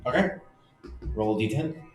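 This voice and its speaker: Man, game master, casual halting narration, echoey room. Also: mid-range voice, lively intonation. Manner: casual, hesitant, filler-heavy descriptions. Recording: roomy recording with faint music.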